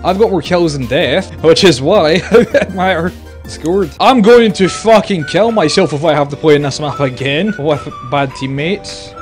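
A young man doing loud, sweary gameplay commentary as a gaming YouTuber, shouting catchphrases. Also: on the high side, unhurried, faint music behind.

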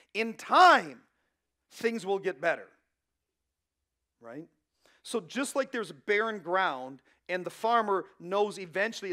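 A man's voice: high-pitched, fairly bright tone. A male pastor preaching a sermon in a conversational, emphatic way, often checking in with the congregation.

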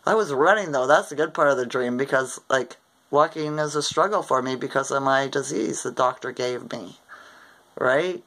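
A woman's voice: rumbling low, normal speed, a bit bright, rough recording. An older woman from Ontario, Canada, casually recounting a dream in a rambling way and often tagging her sentences with "right?". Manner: rambling, often adds "right?" tag questions. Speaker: vlogger.

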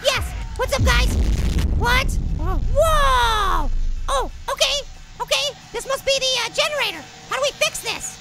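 A performer voicing a tiny, jumpy male apple in a pitched-up cartoon voice, commenting excitably on a horror game and shrieking in panic. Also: unhurried, creaky, heavily acted. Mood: cheery. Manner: excitable, loud panicked shrieks and repeated words. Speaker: gameplay commentator. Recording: game music under the voice.

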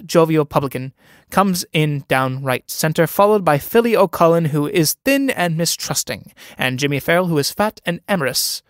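A man reading the stage directions of a play aloud in a plain, steady way. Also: a little high, dry recording, studio quality. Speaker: reader.

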